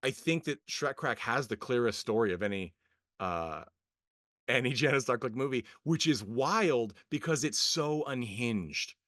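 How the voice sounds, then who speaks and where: A male podcast co-host rambles through a film review in loose, chatty talk. He is full of ums and restarts, and he is often amused. His voice sits at a middle pitch and sounds close and dry. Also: a little slow, no echo. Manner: rambling, hesitant, many fillers and restarts; animated, amused, laughing often. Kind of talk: casual film review chat.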